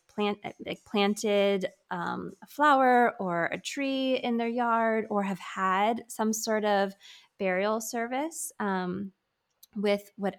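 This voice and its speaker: Creaky-voiced woman telling a candid story. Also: mid-range voice. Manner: candid, storytelling with many fillers. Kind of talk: casual conversation about loss.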